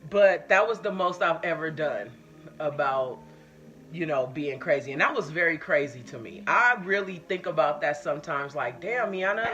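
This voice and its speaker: A woman's voice: deep voice, a bit bright. A woman chatting on a live stream. She tells her own stories and reads out viewer comments, blunt, profane and candid. The sound is a little muffled and lo-fi, like stream audio. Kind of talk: casual live-stream chat, storytelling.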